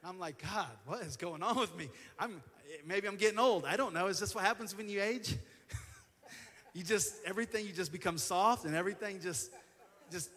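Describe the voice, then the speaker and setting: A male assistant pastor with a high, sharp voice delivers a midweek sermon earnestly, frequently repeating and restarting phrases. The recording carries a long hall reverb.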